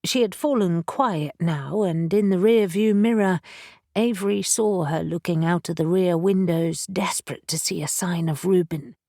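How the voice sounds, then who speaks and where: A woman reading an audiobook in a measured, even storytelling voice on a close studio mic. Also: lowish voice, gravelly, no room sound. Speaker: audiobook narrator. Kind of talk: scripted audiobook narration.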